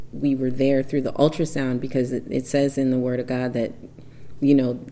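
A woman in her thirties casually telling a personal story, acting out the dialogue with animated bursts. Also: a bass voice.

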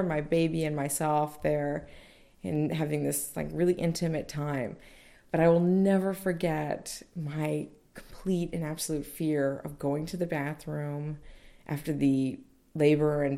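A woman's voice: sits low, vocal fry, mellow. A young adult woman candidly telling a personal story in a conversational way, with many fillers. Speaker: mother recounting childbirth.

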